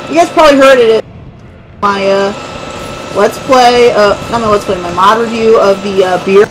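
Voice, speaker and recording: A man's voice: high-pitched, normal speed, background noise. A man giving casual, rambling let's play commentary, joking about himself and the game as he plays. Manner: rambling, self-mocking, chuckling.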